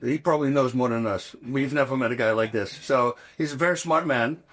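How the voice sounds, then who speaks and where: A man in his sixties from the Netherlands with a Dutch accent, telling stories as a guest in a casual interview, emphatic and animated, with non-native phrasing. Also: medium pitch, fairly quick. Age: 60s. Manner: animated, emphatic storyteller with broken English phrasing.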